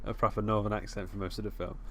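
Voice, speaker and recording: A man's voice: lowish voice, level tone, rapid-fire, a little hiss or hum. A man co-hosting a podcast, talking through a film plot in an easygoing, hesitant way, with many fillers. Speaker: podcast co-host. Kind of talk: casual film discussion.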